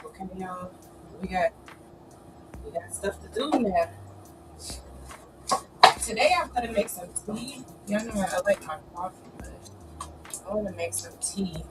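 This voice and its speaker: A woman's voice: medium pitch, background noise. Sniffly, chatty woman hosting a live stream. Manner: chatty, playful, encouraging with lots of "y'all" and "child". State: sniffly, coming down with a cold. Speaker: host of a live writing session. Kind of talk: casual live-stream chat.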